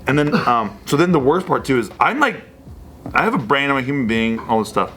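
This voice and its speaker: A man's voice: medium pitch, brisk, slight background noise. A man in his thirties, a podcast co-host telling a long personal story in casual chat, swearing freely and acting out the voices of the people in it. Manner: profane, animated storyteller acting out quotes.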